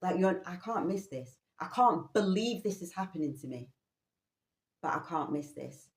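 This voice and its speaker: A low-pitched woman telling a personal story in an animated way, with casual swearing. Her voice rings out in an echoey room. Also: moderate pace. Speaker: vlogger.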